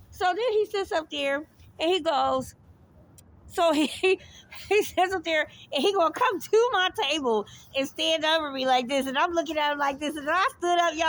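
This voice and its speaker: A woman telling a heated personal story straight to her viewers, animated and full of swearing. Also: sits high. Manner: animated, profane, addresses viewers directly. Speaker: storyteller recounting a confrontation.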